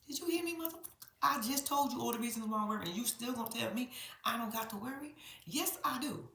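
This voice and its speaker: A woman giving a blunt, profane, animated recap of a reality show, talking straight to her viewers in a casual vlog. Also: a little high, brisk, reverberant. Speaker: reality TV commentator.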